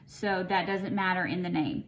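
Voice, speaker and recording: A woman's voice: on the low side, steady tone, moderate pace. A woman explaining chemistry naming rules as a teacher, in a casual, chatty way that thinks aloud with a bit of humor. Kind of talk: recorded lesson explanation.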